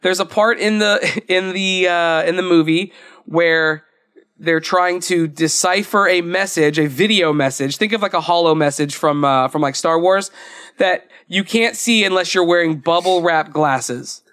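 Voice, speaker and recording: Young male podcast co-host, high-pitched, casual and rambly. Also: measured pace, a bit bright, clear, resonant tone. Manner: chatty, rambling, laughs often. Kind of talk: casual chat.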